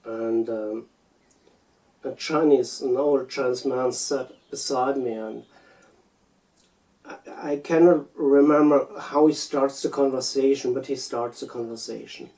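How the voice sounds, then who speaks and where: Male, German accent, unscripted musing, halting delivery, dark tone, slightly distant from the mic. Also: mid-range voice, steady tone. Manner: hesitant, halting with repeated words. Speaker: video essayist. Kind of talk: unscripted personal reflection.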